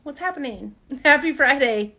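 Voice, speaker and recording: A woman's voice: sits high, lively intonation, moderate pace, bright, forceful tone. A woman hosting a casual live Q and A from her vanity at home, chatting and laughing with viewers. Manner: chatty, laughs often, coos at her pet. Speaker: livestream host.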